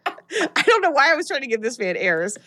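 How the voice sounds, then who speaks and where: A woman hosting a podcast, recapping a film in an animated, laughing, exclamatory chat. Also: high voice, a little fast. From raised on a farm. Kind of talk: casual comedic chat.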